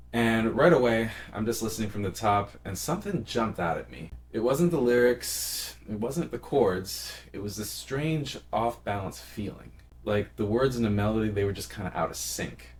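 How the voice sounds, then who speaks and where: A man casually explaining song melody and lyric stress as a music teacher, in a friendly, conversational way. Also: fairly low pitch. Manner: explains in a friendly, conversational way and sings short phrases.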